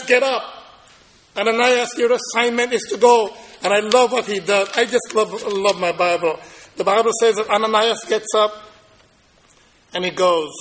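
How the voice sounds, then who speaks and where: A man preaching a sermon, telling personal stories and moving from loud proclaiming to quiet, low-key telling. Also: rough recording. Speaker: pastor.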